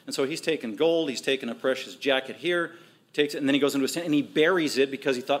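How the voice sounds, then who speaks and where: A male pastor preaching a sermon, emphatic and repetitive, with quick asides. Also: medium pitch.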